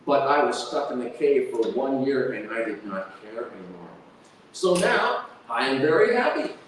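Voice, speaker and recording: A man's voice: mid-range voice, sing-song, moderate pace, slight background noise. A man giving an academic lecture on music, breaking into sung da-da melodies to demonstrate his points. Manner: hums and sings melodies with da-da syllables. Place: lecture hall. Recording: echoey hall from far off.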